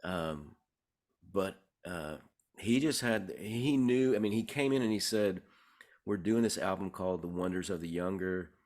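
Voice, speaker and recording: Very deep-voiced man telling stories. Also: a little slow. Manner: relaxed, rambling, many fillers and restarts. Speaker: songwriter guest. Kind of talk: conversational interview storytelling.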